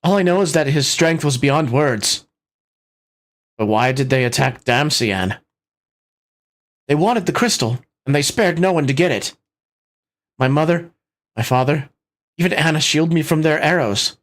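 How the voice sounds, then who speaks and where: A man's voice: on the high side, expressive, a little slow, long pauses. A man reading a timid grieving young prince. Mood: sad.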